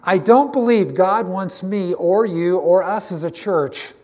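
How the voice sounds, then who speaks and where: A man's voice: high voice, unhurried, darkish tone. A man preaching a conversational, emphatic sermon to his congregation, often restarting his phrases. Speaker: pastor.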